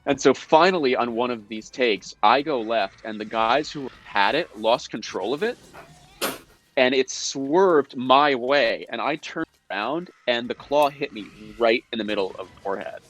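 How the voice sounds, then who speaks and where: Medium in pitch and moderate in pace, this man is a guest actor speaking over a live video call from home. In a casual chat, he animatedly tells behind-the-scenes stories while mounting a playful, mock-indignant defense of himself.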